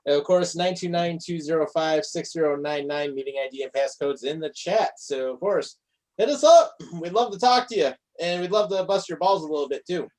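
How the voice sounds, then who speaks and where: A man's voice: fairly high pitch, lively intonation, a little fast, a little mellow, poor audio. A man hosting a podcast, casually inviting viewers to call in and chatting easily. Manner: easygoing, plugs the call-in line. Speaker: podcast host. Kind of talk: casual chat with call-in plugs.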